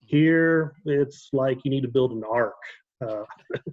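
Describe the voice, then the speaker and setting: A man's voice: mid-range voice, slow. Man from Ohio chatting on a dull video call. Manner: relaxed storytelling with frequent ums and self-corrections. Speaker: guest. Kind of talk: casual video-call chat.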